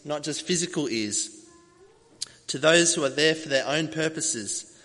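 A man's voice: a little high, fairly bright tone. A man preaching a sermon, telling a story with animation and acting out voices as he goes. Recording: long hall reverb.

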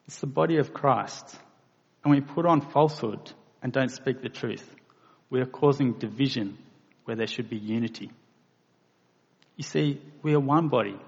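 A man delivers a sermon at an unhurried, measured pace, his voice gravelly with a touch of fry. He rises into emphatic bursts on key points. The recording is dull and lo-fi, with a long reverb tail as if in a large hall. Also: mid-range voice, a little mellow. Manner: slow, deliberate preaching with emphatic bursts. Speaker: preacher.

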